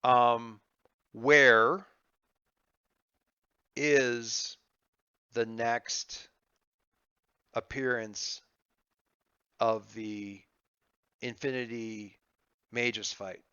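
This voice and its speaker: A man running a tabletop game, chatting out of character, excitable and halting, with many restarts. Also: medium pitch, smooth, dry recording. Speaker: game master. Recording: slightly muffled dry audio.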